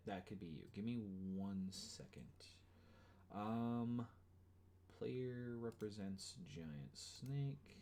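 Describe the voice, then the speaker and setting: A low-voiced man running a tabletop game as game master, casual and full of fillers. His pitch moves a lot, and a faint noise sits under his voice. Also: creaky. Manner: casual, filler-heavy, apologetic.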